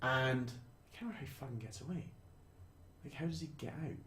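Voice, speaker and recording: A young Scottish man recapping a film in casual chat, animated, swearing freely and acting out lines from scenes. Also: a little high, fast talker, slight background noise. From Scotland. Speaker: podcast co-host. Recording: roomy echo.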